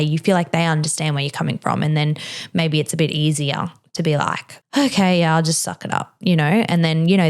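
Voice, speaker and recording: Woman podcast host, lower-pitched, candid and conversational, giving straight advice. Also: a little mellow. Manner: frank, chatty, heavy use of "like" and "you know". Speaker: mother. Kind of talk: casual advice chat.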